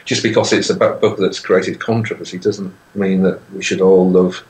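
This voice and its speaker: A middle-aged man telling a long anecdote in casual chat, with halting restarts and chuckles. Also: sits low, level tone. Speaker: guest. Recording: echoey room.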